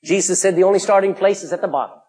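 A middle-aged male pastor preaching a sermon, emphatic, swinging from loud calls to hushed asides. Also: high voice, racing.

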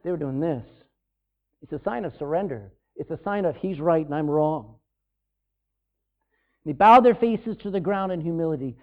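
A man preaching a sermon in a conversational way, acting out scenes in different voices. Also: high-pitched. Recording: tinny phone-like sound.

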